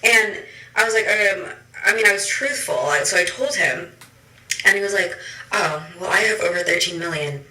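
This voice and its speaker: A woman's voice: medium pitch, normal speed, sharp tone, slight background noise. Chatty young woman in an echoey room. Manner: chatty, acts out dialogue with a swearing punchline. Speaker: content creator. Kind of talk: casual storytime to camera.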